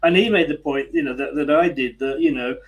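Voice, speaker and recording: A man's voice: on the high side, fairly quick, muffled recording. A man hosting a casual football chat, chatty and laughing easily. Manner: chatty, laughing, frequent fillers. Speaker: host.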